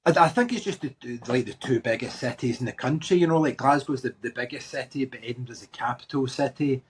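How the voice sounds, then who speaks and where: A man's voice: medium pitch, quick pace, a little hiss or hum. A man with a Glaswegian Scottish accent, a comedian guest talking frankly in a casual interview, often restarting his sentences and swearing bluntly. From Scotland. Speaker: guest comedian and tattoo artist.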